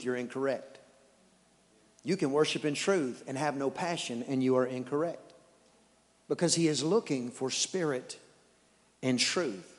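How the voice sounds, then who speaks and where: A man from East Texas with an East Texas accent preaching a sermon as pastor, telling stories with animated, stammering restarts. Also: fairly high pitch, long reverb tail. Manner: animated storytelling with repeated restarts.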